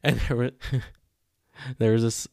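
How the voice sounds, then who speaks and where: A man's voice: medium pitch, slow, vocal fry, dry recording, studio quality. Man telling a story, acting out quotes. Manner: animated storytelling, acts out quotes. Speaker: podcast co-host. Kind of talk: casual chat.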